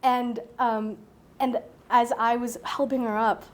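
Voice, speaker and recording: A woman speaking at a public talk, telling a personal story in an animated way, acting out her own thoughts and laughing often. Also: fairly high pitch, slow pace.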